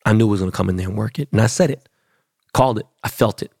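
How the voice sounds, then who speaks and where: A man's voice: lowish voice, rapid-fire, vocal fry, darkish tone, no room sound, studio quality. A man hosting a podcast, telling a boastful, profane story in casual chat. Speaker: podcast host.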